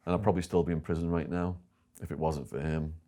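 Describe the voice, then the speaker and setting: English man, very deep voice, animated storytelling, interview guest. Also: fast. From England. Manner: animated storyteller voicing other people in quotes.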